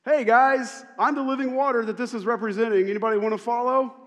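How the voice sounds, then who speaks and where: Man doing an excited young male teacher, playful calling out, high voice, long hall echo. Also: quick pace. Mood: eager.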